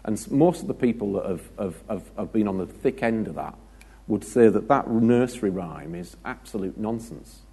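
A British man gives a relaxed, conversational sermon in a low voice. His tone is mellow and a little husky, and he keeps it light with jokes, stories and asides to the congregation. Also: normal speed. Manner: chatty and joking, with anecdotes and asides to the congregation. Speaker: preacher.

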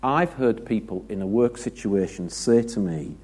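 A man's voice: mid-range voice, lively intonation, normal speed, few pauses, a little mellow, slightly rough. A British man preaching a conversational sermon, chatty and joking, with anecdotes and asides to the congregation.

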